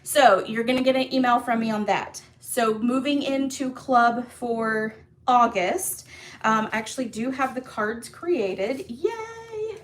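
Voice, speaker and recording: A woman with a slightly high, steady voice hosts a live craft class from her home craft room, speaking a little slowly. She's chatty and upbeat in this casual tutorial stream, with lots of fillers and small laughs. There's slight background noise.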